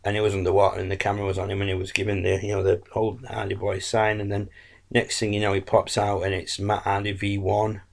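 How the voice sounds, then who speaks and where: A man's voice: fairly low pitch, monotone, fast talker, gravelly. A man giving a casual, blunt, rambling wrestling review, full of fillers and self-corrections. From England.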